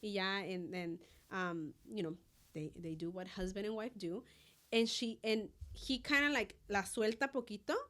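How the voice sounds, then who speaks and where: A woman's voice: mid-range voice, moderate pace, a bit bright. A young woman co-hosting a podcast, chatting casually and switching between English and Spanish as she retells a story with animation. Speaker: podcast co-host. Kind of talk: casual chat.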